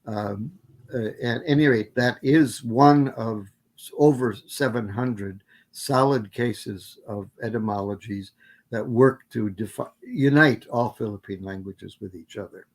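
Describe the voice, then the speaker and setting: A man's voice: mid-range voice, unhurried. A man giving a guest lecture, answering questions at length and often correcting himself with fillers. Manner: rambling, self-correcting with many fillers. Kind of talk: academic Q&A answer.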